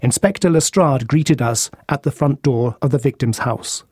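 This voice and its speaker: A man reading a detective story aloud in a steady, even narration. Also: mid-range voice, moderate pace, slightly rough, dry recording, clean studio sound.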